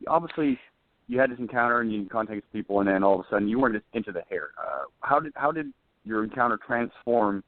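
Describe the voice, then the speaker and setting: A man with a very deep voice hosts a radio interview. He speaks hesitantly, full of fillers, and encourages his guest. The sound is dry and narrow, like a phone line. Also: lively intonation, fast talker, no room sound. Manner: hesitant, many uh fillers, supportive. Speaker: radio show host.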